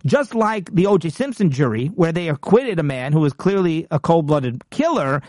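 A man's voice: on the high side, sing-song, normal speed, a little mellow, no room sound, clean studio sound. A man hosting a political commentary show, talking in an emphatic, combative monologue with frequent repeats and restarts.

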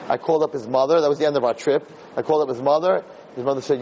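A man's voice: mid-range voice, steady tone, rapid-fire, a little mellow, slight background noise, rough recording. A middle-aged man, a rabbi and teacher, telling a story in a Torah talk, acting out the dialogue and repeating phrases.

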